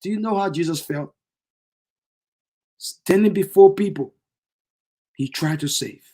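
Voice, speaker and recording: Give me an impassioned man preaching a sermon in a high voice. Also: unhurried. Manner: impassioned, bursts into shouts.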